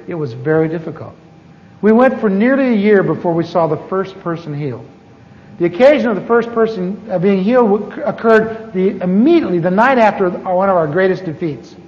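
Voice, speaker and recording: Man preaching, high voice, humorous self-mocking storyteller, long hall reverb, dull lo-fi sound. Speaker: pastor. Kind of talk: storytelling sermon.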